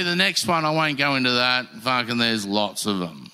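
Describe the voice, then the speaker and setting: A man's voice: mid-range voice, normal speed, hardly any pauses, sharp tone, a little hiss or hum. Swearing, fired-up man. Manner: heated, swearing, ranting. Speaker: podcast guest, former pro surfer. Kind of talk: casual storytelling chat.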